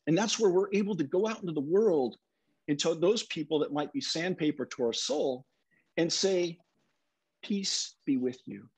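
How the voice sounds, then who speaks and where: Husky, high, lively-voiced preacher man. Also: moderate pace. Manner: conversational storytelling. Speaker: minister. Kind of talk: sermon.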